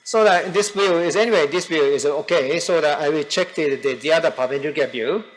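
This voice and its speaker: A man with a Japanese accent explaining a live heart procedure as he works, halting with many fillers and restarts. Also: fairly high pitch, poor audio. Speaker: cardiologist performing a live procedure. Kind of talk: live case explanation at a conference.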